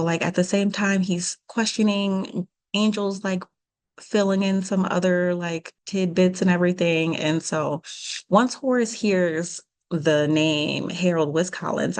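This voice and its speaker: A young woman co-hosting a podcast, casually recapping a show and acting out bits of dialogue with lots of "like". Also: fairly low pitch. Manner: retells scenes with quick quoted voices, lots of "like". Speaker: podcast co-host.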